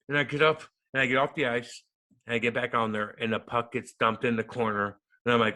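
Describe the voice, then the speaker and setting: A man in his thirties, a podcast guest, telling stories in a lively, profane way and acting out quotes. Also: medium pitch, quick pace. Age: 30s. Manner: animated, profane, acts out quotes. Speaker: podcast guest, former hockey player. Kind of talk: casual storytelling interview.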